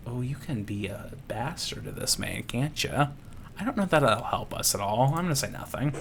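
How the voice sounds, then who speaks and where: A man giving casual let's-play commentary, swearing and laughing as he jokes. His pitch jumps around in a lively, animated way. A faint background hiss sits under the voice. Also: normal speed. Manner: profane, giggly, joking. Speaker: game streamer.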